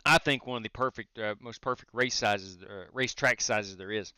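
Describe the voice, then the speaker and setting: Bright-voiced male sim racing streamer. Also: on the low side, moderate pace, smooth, no echo. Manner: chatty, greets chat viewers while driving; frequent fillers and restarts. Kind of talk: casual live-stream commentary.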